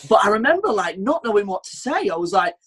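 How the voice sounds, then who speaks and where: A man's voice: sits high, sing-song, fast talker, fairly bright tone, husky. A man co-hosting a podcast in casual, self-deprecating chat with loose swearing. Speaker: podcast co-host.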